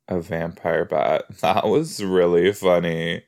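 A man's voice: low voice, fairly even intonation, takes it slowly, few pauses, a little mellow. A man hosting a podcast, giving casual solo reactions while he watches a TV episode. He chats, laughs at his own jokes and tosses out rhetorical asides.

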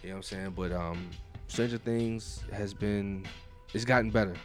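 A man's voice: lowish voice, fairly even intonation, moderate pace, faint music behind. A man co-hosting a podcast in casual, profane chat, with loose speech full of fillers and restarts. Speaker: podcast co-host.

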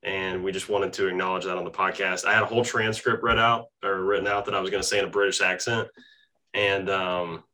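A man co-hosting a casual sports-betting podcast, easygoing and quick to laugh. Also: sits low, fairly even intonation, bright, forceful tone. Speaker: podcast co-host.

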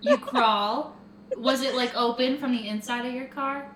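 A woman podcast host reacting to a guest's story with quick, curious questions. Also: sits high, fairly even intonation. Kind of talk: casual chat. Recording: roomy with loud crowd noise.

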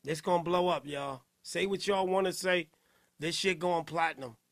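A man hosting a casual podcast, reacting to a song with loud, laughing, slangy banter. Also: on the high side, moderate pace, dry recording, studio quality. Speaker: podcast host. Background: hip hop and R&B song playing.

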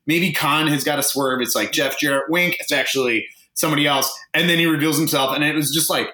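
A man's voice: on the high side, brisk, echoey room. A man co-hosting a podcast in a casual, swearing, exasperated rant. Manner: animated, swearing, exasperated ranting. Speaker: podcast co-host. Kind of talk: casual chat.

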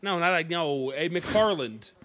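A man co-hosting a podcast in casual chat, calmly recapping story events. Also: on the high side, a little slow. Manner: relaxed, recaps plot. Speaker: podcast co-host.

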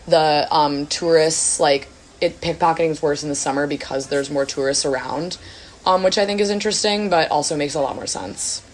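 A woman's voice: low-pitched, moderate pace, a little hiss or hum. A young woman hosting a podcast, chatting casually and filling her talk with "like". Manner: casual, lots of filler "like". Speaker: podcast host. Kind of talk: casual chat.

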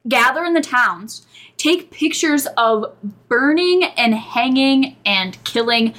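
A woman co-hosting a chatty folklore podcast, reading out legends and reacting with loud exclamations. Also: high voice, slow. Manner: animated and exclamatory, reads folklore aloud. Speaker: podcast co-host. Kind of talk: casual chat.

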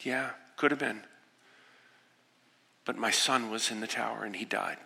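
A pastor in his sixties delivering an earnest sermon, moving from hushed, quiet passages to impassioned ones. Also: fairly low pitch, unhurried, vocal fry, breathy edge. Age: 60s. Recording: echoey hall with long reverb.

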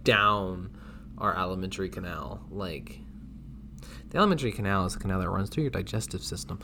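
A young man, a student, co-hosting a podcast in casual chat, teasing and quick to laugh. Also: deep voice, bright, forceful tone, a little hiss or hum. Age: young adult. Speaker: podcast co-host.

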